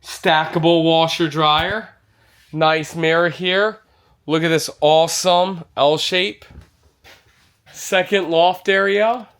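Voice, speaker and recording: A man's voice: a little high, fairly even intonation, slow, fairly bright tone, smooth. A man touring an indoor RV show, giving an enthusiastic walkthrough and exclaiming over features. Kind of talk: walkthrough vlog.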